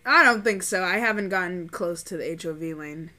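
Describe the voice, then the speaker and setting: A woman's voice: on the low side, a little fast, pushed and bright. A young woman, co-hosting a podcast and telling a story animatedly, swearing freely. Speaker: podcast co-host. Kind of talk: casual chat.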